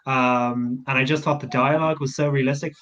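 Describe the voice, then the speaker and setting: Irish guy, dry deadpan jokes, muffled lo-fi call sound. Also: mid-range voice, fairly quick. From central Ireland. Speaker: comedian. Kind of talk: casual chat.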